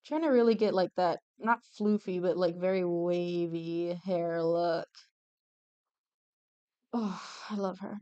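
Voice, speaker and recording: Her voice sits on the low side, warm and smooth, with fairly even intonation and a slow pace, captured on lo-fi audio. A young adult woman, she chats casually on a livestream while drawing commissioned art, gushing about characters, cursing freely, and frequently leaving sentences unfinished.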